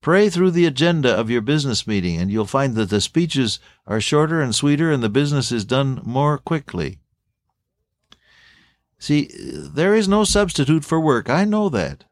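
A man's voice: mid-range voice, sing-song, no room sound. Earnest male preacher, dry sound. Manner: earnest, rising and falling emphasis, slow stress on key phrases. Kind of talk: sermon.

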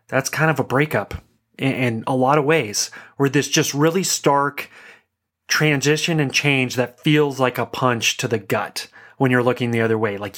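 A man in his thirties talking to listeners in a relaxed, chatty way. He tells stories, jokes at his own expense and wanders into asides. His voice sits at an ordinary middle pitch. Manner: animated storyteller, self-deprecating, rambling asides. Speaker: speaker giving a talk on life transitions. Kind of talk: conversational talk with stories and jokes.

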